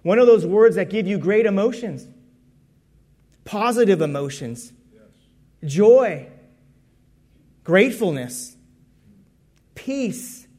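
A man from the United States preaching a sermon, telling a story in a conversational, lively way. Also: high-pitched, slow pace, long pauses.

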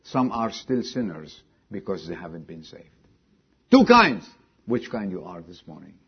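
A man preaching a sermon, dropping low and quiet, then bursting out loud and high, and asking the congregation direct questions. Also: normal speed, husky, lo-fi sound. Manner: swings from low quiet lines to sudden loud high exclamations. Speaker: pastor.

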